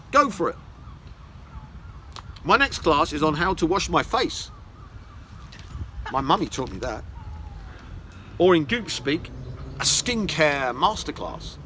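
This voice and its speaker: A man's voice: a little high, bright, forceful tone, a little hiss or hum. A man giving a mocking lecture, reading articles aloud with scornful, sarcastic asides. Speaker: esoteric teacher.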